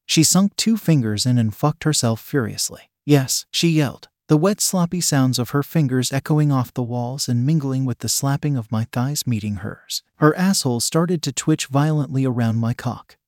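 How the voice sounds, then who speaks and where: A man reading a first-person adult story aloud in a steady, deliberate way. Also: mid-range voice, dry recording, studio quality. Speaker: narrator.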